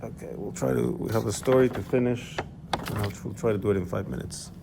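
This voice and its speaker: A man's voice: fairly low pitch, fast talker, gravelly, background noise. A man teaching a class conversationally, explaining and telling a story, checking in with listeners. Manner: conversational, asks class for agreement. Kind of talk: lecture with storytelling.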